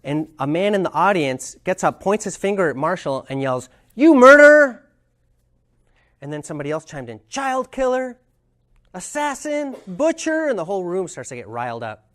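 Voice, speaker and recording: This communication trainer, whose voice sits on the high side, leads a workshop where he thoughtfully lays out ideas and tells a story. He frequently stops to search for words.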